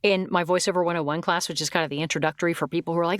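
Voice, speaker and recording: A woman's voice: lowish voice, rapid-fire, no echo, studio quality. A woman who coaches voice actors, talking candidly and plainly in a casual podcast interview. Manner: candid, straightforward, chatty.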